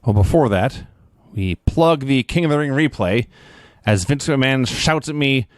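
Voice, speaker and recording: A man's voice: medium pitch, expressive, unhurried, no room sound, clean studio sound. A man co-hosting a casual wrestling recap chat, an enthusiastic fan who defends the matches he loved. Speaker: podcast co-host.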